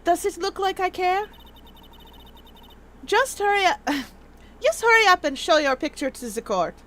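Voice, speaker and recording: A woman's voice: extremely high pitch, big pitch swings, unhurried, a bit bright, pitched above the performer's own voice, full character voice. A woman doing scornful German prosecutor. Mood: impatient. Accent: put-on German. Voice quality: clipped, scornful. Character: cold haughty young female prosecutor.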